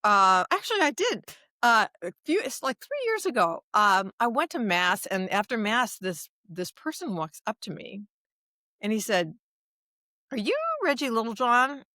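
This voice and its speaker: Guest: American woman lawyer, average pitch, storytelling style, dry sound. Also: moderate pace, no echo. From United States. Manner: animated storyteller, acts out dialogue, many restarts. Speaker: guest, human rights advocate and lawyer. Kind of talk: interview answers, storytelling.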